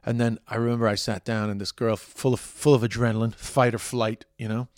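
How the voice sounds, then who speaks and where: A man's voice: medium pitch, flat delivery, brisk, darkish tone, dry recording, studio quality. An Irish man in his forties giving a rambling, emphatic podcast monologue, swearing freely. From Ireland. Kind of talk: casual monologue.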